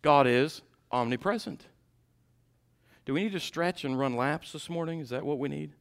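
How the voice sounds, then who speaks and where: A man preaching a sermon in a warm church, dropping to quiet asides and rising to loud climaxes. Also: normal speed. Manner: swings from low asides to shouted climaxes.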